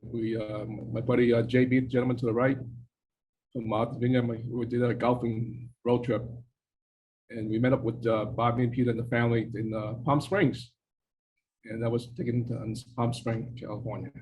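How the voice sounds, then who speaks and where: Chatty man halting through a slideshow talk. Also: medium pitch, level tone, a little mellow, slight background noise, poor audio. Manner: hesitant, filler-heavy, chatty. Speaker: restaurant owner giving a talk. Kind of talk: casual presentation.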